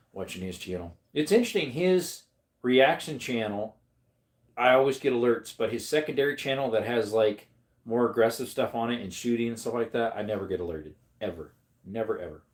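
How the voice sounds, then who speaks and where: A man chatting casually on a livestream, rambling to his viewers and breaking into high baby talk with his dog.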